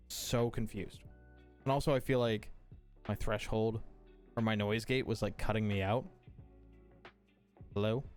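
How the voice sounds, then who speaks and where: Casual swearing male streamer. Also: mid-range voice. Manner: thinks aloud, swears casually, apologetic. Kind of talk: casual live-stream chat. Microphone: streaming mic through an audio mixer.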